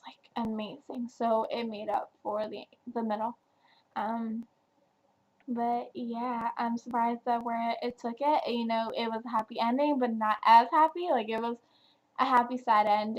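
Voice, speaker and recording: A woman's voice: a little high, darkish tone, lo-fi sound. A young woman from New Jersey reviewing a book in a casual vlog, chatty and full of fillers. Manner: chatty, filler-heavy, gushing. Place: home, at night.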